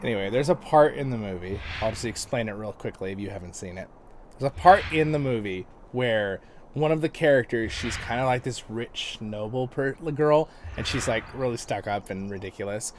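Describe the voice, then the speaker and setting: A man's voice: mid-range voice, normal speed, slight background noise. A man hosting a livestream, chatting casually and rambling as he plays, laughing often. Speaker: livestream host and guide. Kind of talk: casual gameplay commentary.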